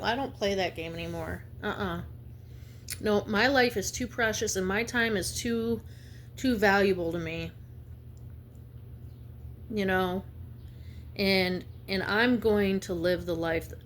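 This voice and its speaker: A woman giving a spiritual reading in a blunt, fervent way, halting often to restart her sentences. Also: medium pitch, fairly bright tone, slight background noise. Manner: emphatic, halting with many restarts; blunt and fervent, slips into slang. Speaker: intuitive reader.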